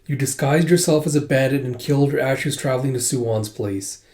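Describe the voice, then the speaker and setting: A man's voice: mid-range voice, a little fast, darkish tone, close to an everyday voice. A man reading a resolute young princess. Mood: earnest.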